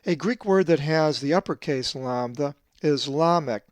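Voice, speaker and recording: A man who translates the Bible, giving a scripted lesson on Greek pronunciation and slowly drawing out each example word. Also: a little high, darkish tone, no room sound, clean studio sound. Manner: methodical, drawn-out slow stress on Greek words.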